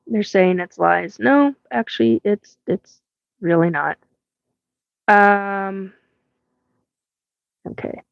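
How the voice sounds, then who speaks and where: Woman, live-stream host, rambling storytelling, unhurried delivery, slightly dull lo-fi sound. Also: mid-range voice, animated, gravelly, no room sound. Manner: rambling, swears, laughs often. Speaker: host of a live paranormal show.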